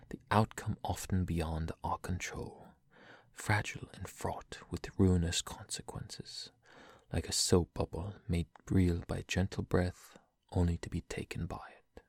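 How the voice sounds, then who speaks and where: Young man, whispered poetry reading, husky hushed voice, unhurried pace. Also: low-pitched, fairly even intonation, dry recording. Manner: soft breathy whisper, slow and drawn out. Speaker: poetry reader.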